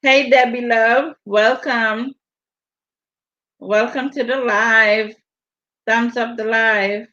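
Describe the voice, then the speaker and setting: Caribbean lady chatting slow on her livestream, teasing and laughing, kinda dull lo-fi sound. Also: a little high, fairly even intonation, bright, forceful tone. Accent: Virgin Islands Caribbean. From U.S. Virgin Islands. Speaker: vlogger hosting a live stream. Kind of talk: casual chat reading viewer comments. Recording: dull lo-fi audio.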